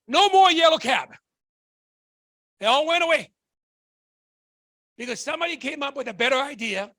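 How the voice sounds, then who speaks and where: A man giving an excitable, repetitive sales pitch to an audience, calling them folks and guys. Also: gravelly. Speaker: business presenter.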